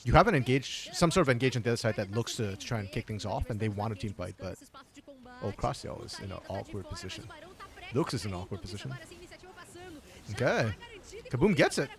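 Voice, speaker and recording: A mid-pitched caster from outside the United States calls an esports match with a voice that swoops up and down. They react out loud to each play and fall back into easy chat between fights. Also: fairly quick, pauses often, a crowd in the background. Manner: excitable, reacts out loud to the plays.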